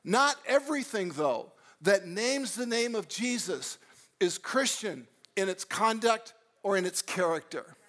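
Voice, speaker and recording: A man preaching a sermon, animated, swinging between loud emphatic lines and quiet storytelling. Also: high voice, a little slow. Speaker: pastor.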